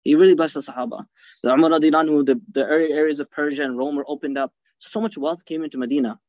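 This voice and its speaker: A man with a slightly high voice teaches a religious class at a quick clip, firing rhetorical questions at his listeners and weaving Arabic phrases into his English. The recording is dull and lo-fi, with a dry sound. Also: steady tone, darkish tone, no echo. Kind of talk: hadith class lecture.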